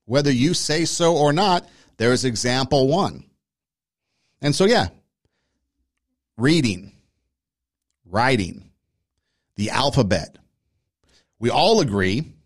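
A man's voice: mid-range voice, very animated, takes it slowly, long pauses. A man hosting a podcast, giving argumentative opinion commentary and speaking straight to his listeners. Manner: argumentative, addresses listeners directly. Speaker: podcast host.

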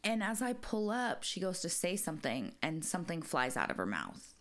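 Profane, animated woman storyteller. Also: fairly low pitch, normal speed. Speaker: podcast co-host. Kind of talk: casual chat.

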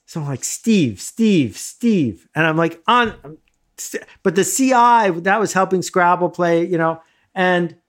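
A middle-aged man from the United States telling a self-deprecating personal story in a casual, animated way, laughing often. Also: fairly high pitch. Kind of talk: casual anecdote, conversational storytelling.

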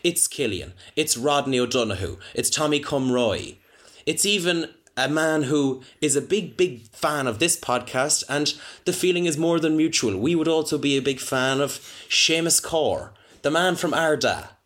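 A man with an Irish accent co-hosting a comic sports podcast, rambling in a mock-serious, deadpan way. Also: on the high side, moderate pace. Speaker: podcast co-host.

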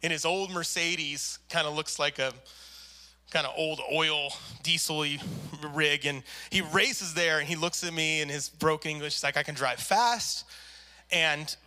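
A man's voice: on the high side, fairly even intonation, moderate pace, sharp tone. A man preaching a sermon, telling a story animatedly and acting out the people in it. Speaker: pastor.

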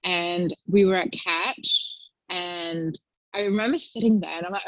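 A woman's voice: lively intonation, normal speed, no echo, muffled recording. A young woman in casual chat as a guest, telling stories and acting out quotes in a raised voice. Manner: chatty storyteller, acts out quotes in a high voice.

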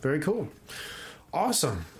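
A man's voice: on the high side, wildly swooping pitch, normal speed, over a noisy crowd. A man co-hosting a podcast in casual chat, reacting and adding comments in a laid-back way. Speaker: podcast co-host.

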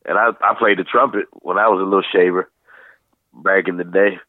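A man in his fifties from St. Louis, telling rambling, lively stories as an interview guest. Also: sits low, brisk, dry recording. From St. Louis, USA. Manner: rambling, animated anecdotes, slips into voices. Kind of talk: casual storytelling interview. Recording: tinny phone line.

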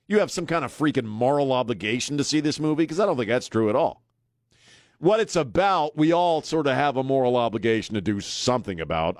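A man with a medium-pitched voice, recorded without any room sound, runs an opinionated monologue on his talk radio show. Seated at a studio microphone, he's sarcastic and blunt, and hesitant fillers crop up often.

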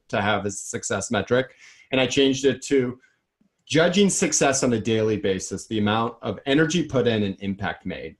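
A man in his thirties, a podcast guest and author, telling his story in a rambling, energetic way and acting out what people said. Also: lowish voice. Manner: energetic, rambling, acts out quotes. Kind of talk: casual storytelling interview.

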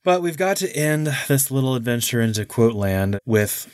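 A man co-hosting a podcast in relaxed, talkative casual chat. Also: medium pitch, normal speed, clear, resonant tone, dry recording, studio quality. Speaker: podcast co-host.

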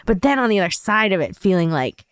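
A woman in her thirties co-hosting a podcast, telling stories in animated casual chat with lots of "like" fillers. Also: medium pitch, fast, clear, resonant tone, no room sound, clean studio sound. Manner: animated storyteller, fills with "like". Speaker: podcast co-host.

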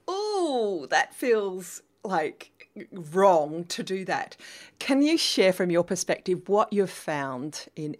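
A woman's voice: deep voice, darkish tone. A woman hosting a podcast who interviews her guest, encouraging and murmuring along as she listens. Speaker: podcast host.

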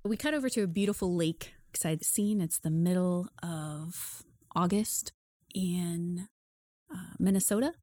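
A woman serving as game master, narrating a tabletop horror game in a relaxed, conversational way. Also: on the low side, unhurried.

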